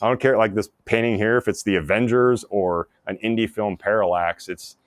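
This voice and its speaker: A man, an actor and former soldier, telling stories in a casual podcast interview, animated and laughing often as he talks. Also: on the low side, brisk, no room sound. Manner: animated storyteller, laughs often, many restarts.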